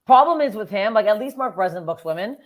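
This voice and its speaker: A woman's voice: mid-range voice, fast. A Canadian woman in her thirties, a comedian telling blunt, profane stories as a podcast guest. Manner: profane, blunt, animated storytelling. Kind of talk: casual podcast storytelling.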